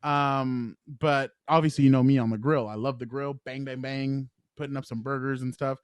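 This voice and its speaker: A man's voice: mid-range voice, steady tone, normal speed, clean tone, no echo. A young man co-hosting a podcast, telling a casual, rambling weekend story full of fillers and laughing asides. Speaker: podcast co-host.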